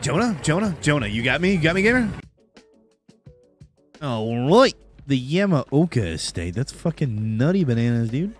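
Animated, swearing male game streamer. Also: medium pitch, normal speed. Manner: profane, loud outbursts and swearing. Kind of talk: live gameplay commentary. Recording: game music underneath.

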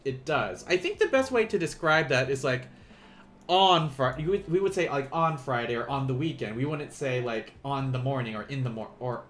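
Guy teaching a beginner class on stream, chill and rambly, lots of uhs, faint music behind. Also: medium pitch. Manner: relaxed, chatty explaining with frequent fillers and restarts. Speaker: Japanese teacher. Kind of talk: casual live-streamed lesson.

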